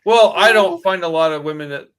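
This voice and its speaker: Slightly high-voiced man with a stutter. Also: a little fast, a crowd in the background. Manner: blunt, swears freely, jokes around. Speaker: podcast co-host. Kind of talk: casual chat.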